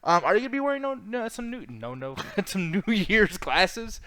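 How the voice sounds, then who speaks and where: A man's voice: sits high, big pitch swings, normal speed, bright, forceful tone, clear, resonant tone, no echo. A man hosting a casual livestream chat, rambling and swearing a lot, laughing as he talks. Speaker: podcast host.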